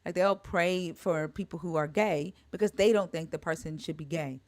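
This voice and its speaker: Woman host, deep voice, measured casual explainer, dry close sound. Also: darkish tone, dry recording. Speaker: livestream host. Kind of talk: casual discussion.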